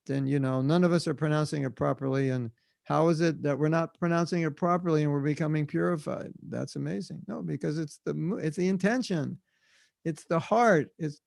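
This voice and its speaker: An American man giving a devotional seminar talk over a video call, lively, acting out short quoted voices with frequent laughter. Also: on the high side, gravelly, no echo. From United States. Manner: animated, acts out little quoted voices and laughs often. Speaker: spiritual teacher.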